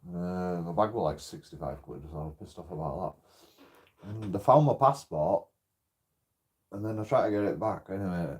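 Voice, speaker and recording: Sweary British man, low mellow voice. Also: moderate pace. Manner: sweary, laughing, rambling. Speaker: streamer. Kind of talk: casual storytelling while gaming.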